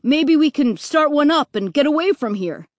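A woman voicing a father who calls out excitedly and encouragingly. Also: high-pitched, normal speed, no echo, studio quality. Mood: eager. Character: eager hopeful father.

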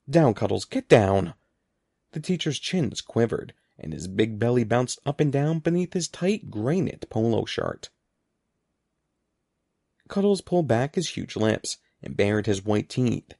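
A man narrating an audiobook in an expressive, animated reading voice, close to the mic. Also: medium pitch, gravelly, no room sound.

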